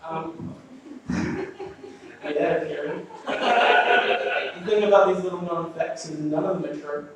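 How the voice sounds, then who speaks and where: A man performing a live stand-up set, rambling through his stories in a deadpan way with plenty of ums. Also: a little high, takes it slowly, pauses often, background noise. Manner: deadpan, rambling storytelling with filler words. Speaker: stand-up comedian. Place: small live venue with audience. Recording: rough, echoey room recording from a distance. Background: audience laughter.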